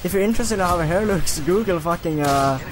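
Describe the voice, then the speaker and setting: A man's voice: high-pitched, fast. A man giving casual, rambling gameplay commentary, a bit self-conscious. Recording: clip played with music behind.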